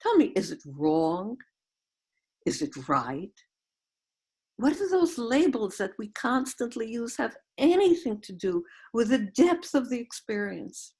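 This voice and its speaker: A woman's voice: on the high side, sing-song, measured pace, darkish tone, husky. A middle-aged woman Zen teacher giving a dharma talk over a video call, reflective and storytelling, often posing questions to her listeners.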